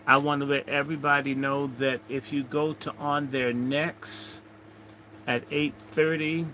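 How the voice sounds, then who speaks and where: A man chats loosely on his livestream, greeting viewers and cracking jokes between their comments. His voice is bright and forward, and he talks at an unhurried, drawn-out pace. A faint hiss of noise sits under the recording. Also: a little high, flat delivery, rough recording. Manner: rambling, jokey, chatting to viewers. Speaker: livestream host. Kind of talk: casual livestream chat, reading comments.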